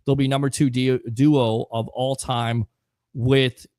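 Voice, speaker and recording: Male sports show host, mid-pitched, loose and chatty, dry close sound. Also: level tone, slow pace, a little mellow, no echo. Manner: reads viewer comments aloud, chatty and loose. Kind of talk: casual sports talk show.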